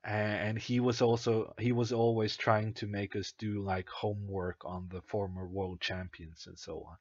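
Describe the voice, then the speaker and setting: A young Norwegian native speaker from Norway commentates chess casually on a stream, thinking aloud hesitantly with many uhs and ums. His fairly low, darkish voice shows little pitch movement at normal speed. No echo is present, and the highs are cut off.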